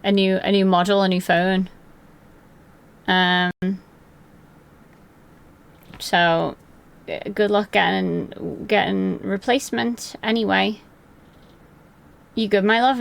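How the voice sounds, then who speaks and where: A woman's voice: mid-range voice, fairly even intonation, slow, gravelly, long pauses. A young woman streaming live from her room at home, chatting loosely and answering her chat by name.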